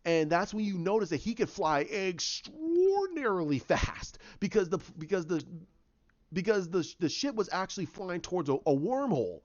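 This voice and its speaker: A man's voice: sits high, big pitch swings, normal speed. A man casually retelling a movie idea, rambling along with many restarts. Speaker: fan pitching a movie idea. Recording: dull lo-fi sound.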